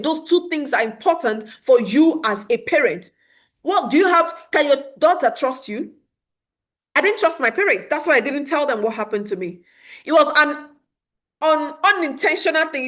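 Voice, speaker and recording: A young adult woman leads a live webinar for parents. She speaks in an earnest coaching manner, with a fairly high voice, and often laughs between points. She slips into calm, soothing tones when she acts out what to say to a child.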